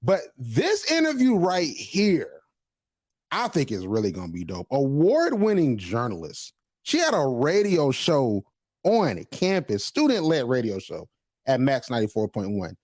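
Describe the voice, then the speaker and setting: Brief: male podcast host, animated swings in pitch, dry close sound, hyped and slangy. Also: unhurried, dry recording. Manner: energetic, repeats "listen", slangy. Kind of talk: casual interview.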